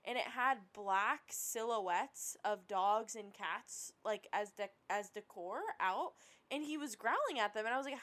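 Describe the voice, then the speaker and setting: A woman's voice: fairly high pitch, unhurried. Chatty woman co-hosting a podcast. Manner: chatty and animated, many likes. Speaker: podcast co-host. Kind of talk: casual film discussion.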